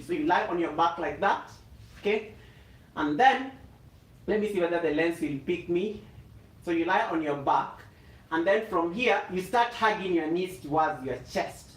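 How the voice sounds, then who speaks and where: A man with a high voice leads a live yoga class, talking people through the poses. He repeats key phrases and lets out groans and exclamations while he holds the stretches himself. He sounds a little distant from the mic, in an echoey room. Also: fairly bright tone. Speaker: yoga teacher.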